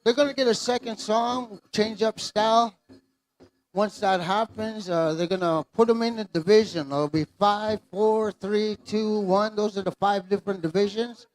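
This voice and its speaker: High-voiced man emceeing a pow wow. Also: fairly even intonation, normal speed. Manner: easygoing and joking, addressing dancers and crowd. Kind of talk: live event announcing over a PA. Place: outdoor pow wow arena.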